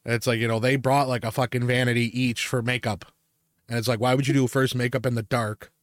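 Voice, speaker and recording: A man's voice: medium pitch, little pitch movement, brisk, no room sound, studio quality. A young adult man in casual chat, telling rambling stories full of swearing and filler words. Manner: ranting storyteller, heavy swearing and fillers. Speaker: podcast co-host.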